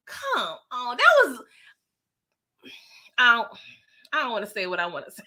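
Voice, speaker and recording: A woman recapping a TV episode in a casual vlog, animated and exasperated, talking in slang and often laughing. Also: a little high, a little slow, pauses often. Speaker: TV recap vlogger. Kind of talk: casual spoken review.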